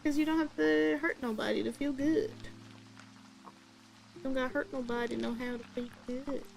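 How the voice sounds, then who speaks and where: A woman's voice: high voice, fairly even intonation, normal speed, vocal fry, faint music behind, poor audio. Rambling young woman art streamer. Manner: rambling and self-deprecating, lots of "like" fillers. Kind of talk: casual chat while drawing on stream.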